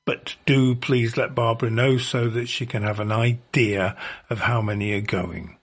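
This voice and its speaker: A man's voice: mid-range voice, steady tone, normal speed, slightly rough. A man hosting a folk music radio show, chatting casually and hesitantly with many ums.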